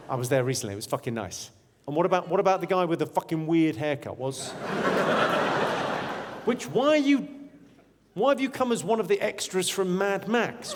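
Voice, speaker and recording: A man's voice: high-pitched, very noisy. A man doing stand-up crowd work, teasing audience members in a brash, profane way. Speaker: stand-up comedian. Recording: live show in a large hall with loud crowd.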